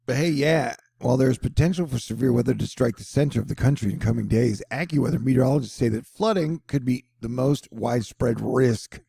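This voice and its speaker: A man's voice: medium pitch, creaky, mellow, slightly rough, dry recording, studio quality. A middle-aged man hosting casual weather news commentary, rambling with playful jokes and asides. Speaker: host.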